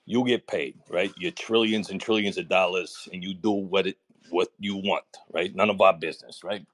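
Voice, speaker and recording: A man with a heavy Italian accent phones into a talk show, his low voice pushing needling, sarcastic questions and tagging them with "right?". The sound is dry and close, with no room around it. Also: fairly even intonation, moderate pace, fairly bright tone, no echo. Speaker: caller. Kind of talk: combative call-in questioning.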